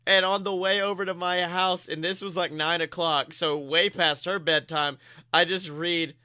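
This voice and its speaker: A young man co-hosting a casual podcast, telling excited stories and acting out quotes. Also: sits high, normal speed, clean tone, no echo. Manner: excitable storytelling, acts out quotes. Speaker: podcast co-host. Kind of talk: casual chat.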